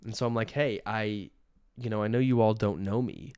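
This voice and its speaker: A young man doing a rambling comic monologue, deadpan and self-pitying, sometimes cracking up at himself. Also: fairly low pitch, normal speed, clear, resonant tone, dry recording, studio quality. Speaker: comedian.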